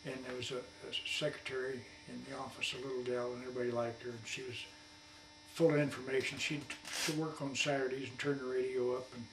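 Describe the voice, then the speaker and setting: A man's voice: medium pitch, little pitch movement, fast talker, fairly bright tone. Brief: veteran man, 80s, colloquial oral-history storyteller, roomy far-off mic, slight hum. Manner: rambling folksy colloquial storyteller. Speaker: war veteran interviewee. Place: at his home. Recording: echoey room, distant mic, faint hum.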